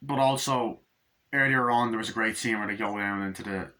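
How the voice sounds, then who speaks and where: A man's voice: on the low side, a little fast, bright, forceful tone. A man casually recapping a film scene by scene, rambling and swearing, with lots of "like" and "um". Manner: rambling, profane, full of fillers. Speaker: movie reviewer.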